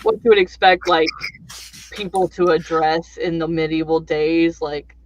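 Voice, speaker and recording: A man's voice: fairly high pitch, steady tone, unhurried. A man chatting casually, telling rambling, folksy stories full of fillers, on a dull home mic. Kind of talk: casual chat.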